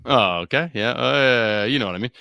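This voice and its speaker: Bright-voiced man talking betting picks. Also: medium pitch, normal speed, vocal fry, clear, resonant tone, no room sound, studio quality. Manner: laid-back, joking, laughs between picks. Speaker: co-host of a sports betting show. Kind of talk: casual sports betting chat.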